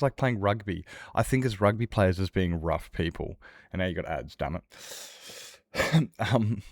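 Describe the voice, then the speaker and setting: A man's voice: lowish voice, no echo, clean studio sound. A young man streaming a game, chatting casually with chat in a rambling, blunt way and swearing freely. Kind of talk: casual chat while gaming.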